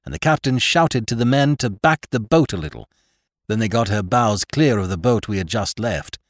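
A male audiobook narrator with a low voice reads a first-person horror tale in a hushed, suspenseful way. His pitch moves a lot, sinking to near whispers and rising sharply on the tense moments. The sound is close and dry, with no room around it. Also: no echo. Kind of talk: dramatic first-person story reading.

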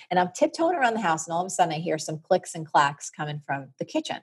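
A middle-aged woman from New Jersey, a podcast guest telling a personal story in an animated, vivid way. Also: lowish voice, quick pace, few pauses, husky.

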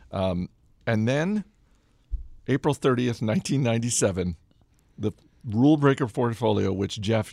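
A man hosting a podcast, leading a relaxed conversational interview and telling stories with acted-out quotes. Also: lowish voice, gravelly, no room sound. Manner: relaxed storyteller who acts out quoted voices. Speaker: podcast host.

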